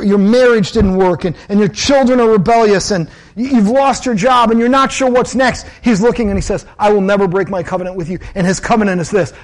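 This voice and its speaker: Man, pastor, sermon, fairly high voice, earnest and conversational, repeats phrases. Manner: earnest, conversational preaching with personal stories.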